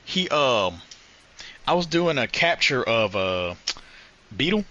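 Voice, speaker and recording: A man's voice: medium pitch, big pitch swings, slow, bright, forceful tone, highs cut off. A man co-hosting a podcast, telling gaming stories in casual chat and swearing freely. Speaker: podcast co-host.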